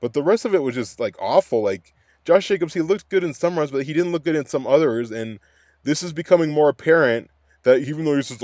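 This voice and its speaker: A man's voice: fairly high pitch, expressive, brisk, darkish tone, no echo, clean studio sound. A man ranting angrily in a profane, rambling game recap. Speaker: sports fan vlogger.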